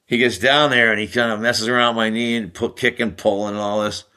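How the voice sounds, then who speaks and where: An American man in his sixties sits in as a podcast guest, telling an old sports story at length. His voice sits low, but he drives it with a bright, forceful edge. He slips in and out of other people's voices as he goes. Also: fairly quick, clear, resonant tone. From United States. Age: 60s. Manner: animated, acts out the people in his stories. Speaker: guest, former Olympic hockey player.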